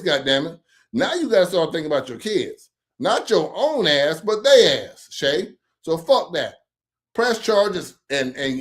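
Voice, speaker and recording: A man with a fairly high voice runs a casual livestream chat. He tells stories bluntly, swears freely and laughs often as he answers viewers by name. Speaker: livestream host reading viewer comments.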